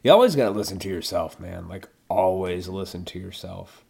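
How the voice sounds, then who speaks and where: Deep-voiced, blunt, swearing man. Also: a little fast, gravelly, a little mellow, breathy edge. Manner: blunt, profane, opinionated ranting. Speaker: vlogger. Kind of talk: casual monologue to camera.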